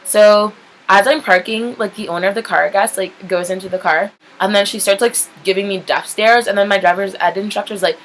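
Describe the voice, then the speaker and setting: A woman's voice: mid-range voice, fairly even intonation, fairly quick, low-quality recording. A young woman vlogger telling a story in a casual, rambling way, saying "like" constantly and swearing freely. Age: young adult. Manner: chatty, rambling, heavy use of "like", candid swearing.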